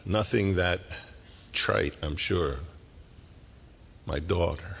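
A middle-aged man preaching a sermon, telling the story dramatically and dropping at times to hushed whispers. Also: on the low side, a little slow, in a large hall, slight background noise.

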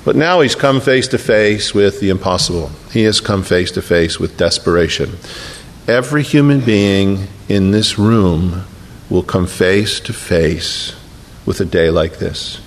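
A man preaching a sermon and telling the story with feeling, often dropping to a slow, quiet hush for emphasis. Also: low-pitched, a little hiss or hum. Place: church sanctuary. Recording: long reverb of a large hall.

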